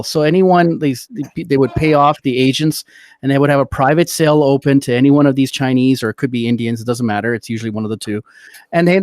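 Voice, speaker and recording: A middle-aged man with a somewhat high voice rants in a casual podcast chat, profane and rambling, restarting his sentences as he gets worked up. The sound is dry and close, with no room around it. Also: darkish tone, dry recording. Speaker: podcast host.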